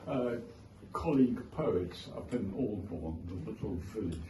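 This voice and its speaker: A man's voice: lowish voice, lively intonation, unhurried, dark tone. A man with a South African accent, an author telling amused, rambling anecdotes at his book launch. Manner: rambling, self-amused storytelling with frequent digressions. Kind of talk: casual anecdotal speech. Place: indoor event room with guests. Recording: echoey room, distant mic, noisy.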